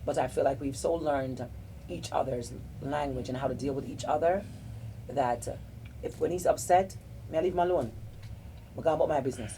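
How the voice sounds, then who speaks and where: Speaking a little fast in a rumbling low voice, this middle-aged South Florida podcast host dishes out warm, earnest relationship advice during a casual group chat. She rambles and restarts, and there's slight background noise.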